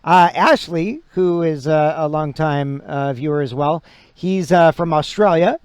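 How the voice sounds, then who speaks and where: A man hosting a casual livestream interview, halting, with many restarts and fillers. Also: on the high side, clear, resonant tone, no room sound. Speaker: livestream host.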